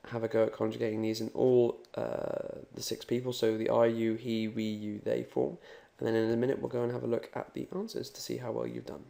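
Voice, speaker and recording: Upbeat man teaching a recorded language lesson, mellow, heavy fry. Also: mid-range voice, fairly quick, few pauses. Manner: upbeat, talks straight to the learner. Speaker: Spanish teacher.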